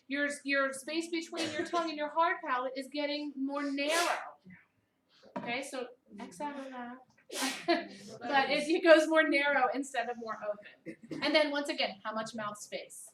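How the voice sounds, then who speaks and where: An animated woman voice teacher in her thirties with a mid-Atlantic American accent leads a singing workshop, breaking off to sing sample vowels. Her voice sits fairly high. It is recorded from a distance in an echoey room with a faint hiss. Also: moderate pace. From Baltimore, USA. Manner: animated, demonstrative, models vowel sounds aloud. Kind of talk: vocal technique workshop.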